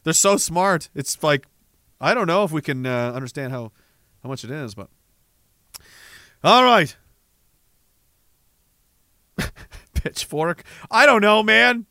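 A young man rambling comedically to a live audience in a profane, animated way, reading viewer messages and breaking into sudden shouts. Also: fairly high pitch, slow pace, pauses often, no room sound, clean studio sound. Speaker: live streamer.

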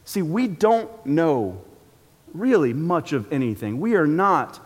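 A man's voice: on the high side, very animated, slow pace. A man preaching a sermon in a church auditorium, in a casual, joking, conversational way. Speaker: pastor. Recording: long reverb from a large hall.

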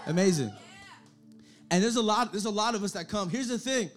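A young man preaching to a young adult church group, energetic and repetitive, often calling out for the crowd to answer. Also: sits high, a little fast, over music. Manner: energetic, repetitive, calls for audience response. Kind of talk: sermon.

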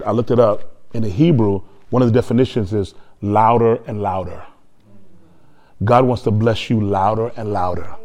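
A man preaching a sermon, telling a story quietly and then building to loud, shouted praise. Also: mid-range voice. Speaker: pastor.

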